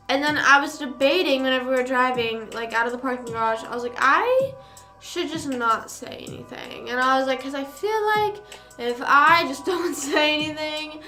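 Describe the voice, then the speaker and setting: A woman's voice: high-pitched, sharp tone. A young woman streamer casually telling a story, rambling with lots of fillers and casual swearing.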